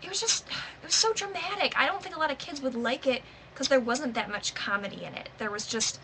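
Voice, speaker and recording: A woman's voice: fairly high pitch, pushed and bright, slight background noise, poor audio. A woman with a Michigan accent giving a rambling, unedited movie review to camera, full of asides and fillers. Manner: chatty, rambling, lots of "like" and trailing asides. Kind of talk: casual unedited video review.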